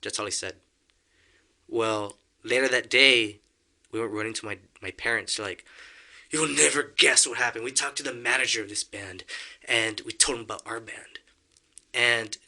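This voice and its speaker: A man's voice: mid-range voice, sharp tone. A young man telling a story in casual conversation, acting out quotes and laughing often. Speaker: podcast guest.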